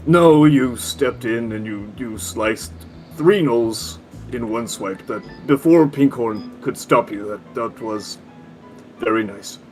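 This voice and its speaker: A man playing a character in a tabletop game, speaking in a measured, courteous way. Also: mid-range voice, a little mellow, soft background music. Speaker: player.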